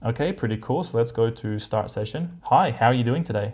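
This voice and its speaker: A man's voice: mid-range voice, expressive, very fast, darkish tone. A man hosting a tech review, casually commenting while he tests voices and thinks aloud with ums.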